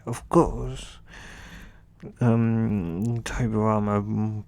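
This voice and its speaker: A man telling a fan fiction story off the cuff, rambling and halting with restarts and chuckles. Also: fairly low pitch, level tone, vocal fry, no room sound. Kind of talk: improvised storytelling.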